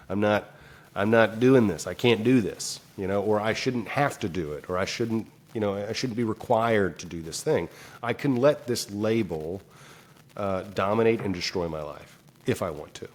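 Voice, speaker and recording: This deep, darkish-toned male voice belongs to a guest psychologist being interviewed. He explains things conversationally, sharing a personal story and voicing his inner dialogue in loose, filler-heavy phrasing.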